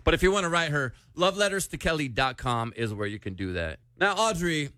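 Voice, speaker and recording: A man's voice: fairly high pitch, very animated, fairly quick, pushed and bright, no room sound, clean studio sound. A man hosting a morning radio show, upbeat and teasing his co-hosts. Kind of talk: casual chat.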